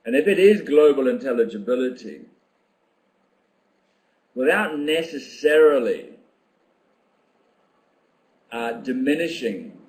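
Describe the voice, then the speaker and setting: Hosting a live online session for teachers, an older man reads participants' comments aloud and reflects on them slowly, with frequent ums and pauses. His pitch is ordinary, his tone warm, and the recording quality is low.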